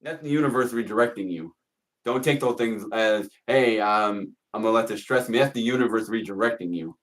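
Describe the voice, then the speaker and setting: A man's voice: fairly low pitch, a little fast, poor audio. A man on a video call as a guest tarot reader, earnest and reassuring, often repeating himself. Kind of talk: casual live stream chat.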